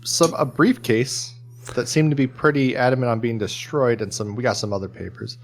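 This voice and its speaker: A man playing a tabletop role-playing game, joking and talking in character with animated energy. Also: medium pitch, normal speed. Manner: jokey, animated, speaks in character. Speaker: player. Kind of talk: casual tabletop play.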